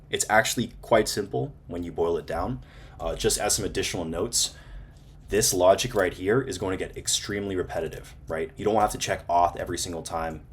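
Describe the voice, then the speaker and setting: A man's voice: low-pitched, breathy edge. A man hosting a programming tutorial, casually talking through code on screen and often checking in with "right?". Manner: casual, fillers and repeated "right?" tags. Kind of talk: screen-share coding walkthrough.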